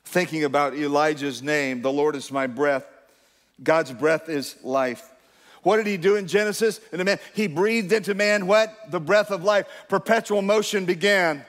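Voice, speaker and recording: Preaching to his congregation, this pastor swings between hushed, quiet lines and loud, emphatic ones, calling out to the crowd. His voice is a little high at a moderate pace, with long hall reverb on the recording.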